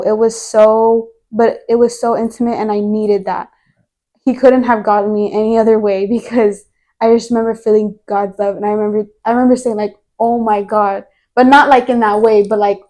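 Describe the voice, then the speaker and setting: A woman's voice: a little high, mellow. A young woman giving a personal faith testimony as a podcast guest, telling it earnestly in a rambling way full of filler words.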